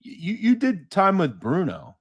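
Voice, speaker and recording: Lively-voiced male interview host. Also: high-pitched, slightly rough. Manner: measured questions, short affirmations. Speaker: podcast host.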